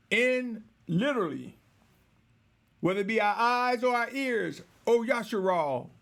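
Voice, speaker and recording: Male preacher, high voice, gravelly fry, measured exhorting sermon. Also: fairly bright tone. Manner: slow, measured, exhorting delivery with repeated addresses to the congregation.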